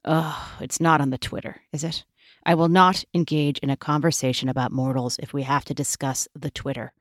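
A woman voicing an ancient war goddess, low and weary, speaking with scorn. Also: fairly even intonation, normal speed, no room sound, clean studio sound. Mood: scornful. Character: brooding ancient female war goddess, disdainful.

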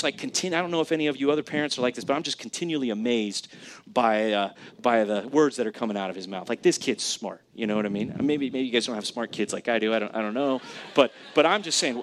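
A man's voice: mid-range voice, a little hiss or hum. Conversational man preaching a sermon. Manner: conversational, emphatic, asks the congregation questions. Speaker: pastor. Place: church sanctuary.

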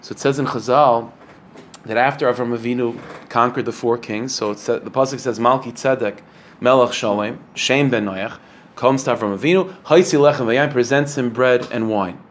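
A man teaches a Torah class in an earnest, explanatory way, asking rhetorical questions and filling pauses with frequent fillers. His voice sits at a middle pitch. A faint hiss of noise runs underneath. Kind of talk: Torah lecture.

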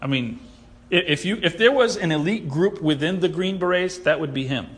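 A man preaching a sermon, animated and sarcastic, who acts out the people he quotes. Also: a little high, normal speed. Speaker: pastor.

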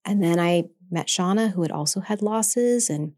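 A middle-aged woman speaking in a slightly low voice, telling her story candidly and earnestly. She talks in a loose, conversational way and often slips into quoting her own past thoughts. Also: normal speed, a little mellow. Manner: earnest, emotional retelling with quoted inner speech. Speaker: podcast guest, nurse anesthetist and founder.

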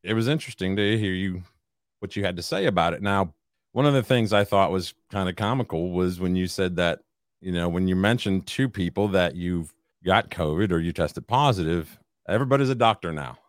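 A man co-hosting a podcast in casual chat, talking in a measured, wry and teasing way. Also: deep voice, no echo, clean studio sound. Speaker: podcast co-host.

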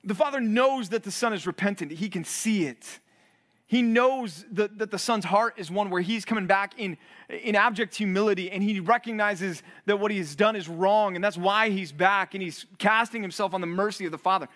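High-voiced man preaching with fervor. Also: moderate pace, fairly bright tone. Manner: earnest preaching, voice swelling and dropping low for emphasis; repeats and restarts words while building intensity. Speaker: pastor. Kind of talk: sermon.

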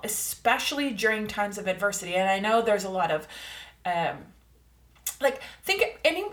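A woman with a fairly high voice speaks in a calm, earnest coaching tone. She often checks in with her listeners and stretches out the words she wants to land. The sound is roomy, with a clear echo around her. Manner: calm, earnest, coaching tone with frequent "all right?" check-ins; slow, drawn-out emphasis on key words. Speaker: podcast host. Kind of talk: reflective self-help monologue.

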